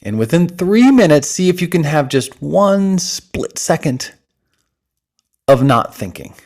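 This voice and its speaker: A man, an interview guest, talking with energy and laughter, then leading a breathing exercise in soft, slow instructions. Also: on the high side, sing-song.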